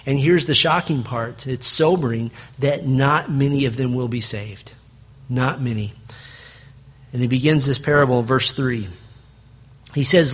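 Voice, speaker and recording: A man's voice: mid-range voice, unhurried, long pauses, breathy edge. A man preaching a sermon, reading scripture and explaining it in an emphatic, conversational way. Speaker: pastor.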